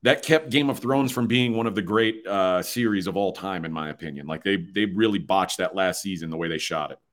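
A man with a low voice, a guest on a casual podcast. He chats in a relaxed, agreeable way. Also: fairly quick. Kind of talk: casual chat.

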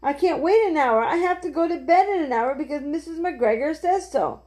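A woman's voice: sits high, lively intonation, moderate pace, a little mellow, voice pushed up. A woman reading aloud, voicing an eager, hungry little boy in a children's storybook.

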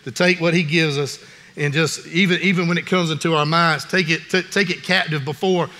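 A man's voice: fairly high pitch, steady tone, brisk, bright, forceful tone. A man preaching a sermon in an earnest, folksy way, often restarting his sentences. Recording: long reverb in a large hall.

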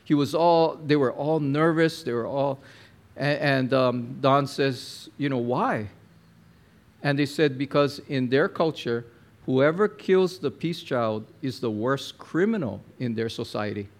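A man preaching a sermon, telling a story with lively acted-out quotes and talking to the listener directly. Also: mid-range voice, a little slow. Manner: animated storyteller, acts out quotes, addresses listener as my friend.

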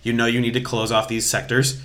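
A man's voice: mid-range voice, completely flat delivery, a little fast, a bit bright. A young man co-hosting a casual podcast in an ordinary, mid-range voice. He talks in a chatty way and explains at length, with small restarts along the way. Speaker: podcast co-host.

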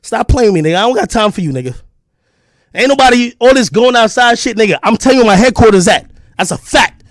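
High-voiced man in an angry rant. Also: lively intonation, fast, no echo, clean studio sound. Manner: aggressive, profane, taunting, often shouting. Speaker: podcaster. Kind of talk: heated callout rant to camera.

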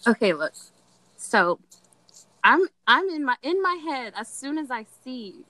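A woman's voice: high voice, big pitch swings, a little slow, pushed and bright, no room sound, rough recording. A young woman telling a candid story in casual chat, dramatic and laughing often. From Latin American heritage.

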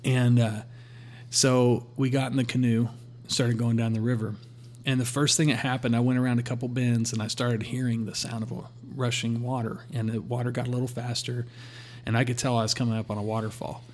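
A man sharing a personal faith testimony in a relaxed conversational way, acting out his talks with God. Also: medium pitch, fairly quick. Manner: storytelling, quotes God in a calm voice.

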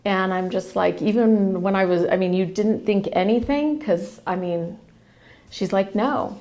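A woman's voice: medium pitch, a little slow, mellow. A woman telling a personal family story in a casual, emotional, rambling way with many restarts. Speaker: guest sharing a family story.

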